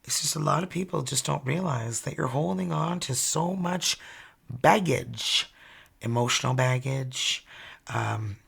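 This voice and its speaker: Man, tarot reader, bright sharp tone, gravelly, teasing and animated. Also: medium pitch, a little slow. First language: French. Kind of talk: casual tarot reading.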